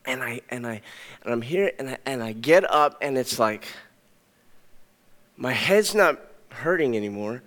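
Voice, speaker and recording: Animated pastor telling a story. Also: male voice, mid-range voice, measured pace, long pauses. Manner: animated, conversational, many restarts. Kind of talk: storytelling sermon. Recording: long hall reverb.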